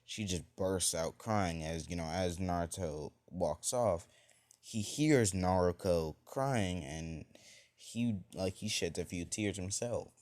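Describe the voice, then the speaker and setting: A man with a very low voice tells an improvised fan-fiction story in a loose, rambling way. He keeps circling back with fillers and restarts, like someone making it up as he goes. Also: takes it slowly, darkish tone.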